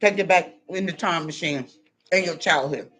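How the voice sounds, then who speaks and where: Speaking at a moderate pace, this man's slightly high voice sounds bright and forceful. He's a weary livestream host chatting casually with viewers from his house while eating, recorded through his computer.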